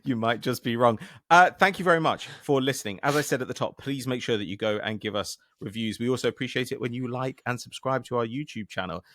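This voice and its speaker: An English man co-hosting a podcast in casual chat, wry and joking in a relaxed way. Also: medium pitch, fast, hardly any pauses, no room sound, studio quality. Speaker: podcast co-host.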